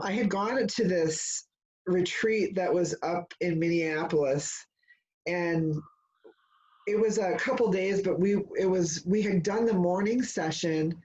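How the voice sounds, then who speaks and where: A woman in casual spiritual chat, leading the discussion and telling stories in a rambling, animated way, full of fillers and restarts. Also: lowish voice, low-quality recording. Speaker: discussion leader.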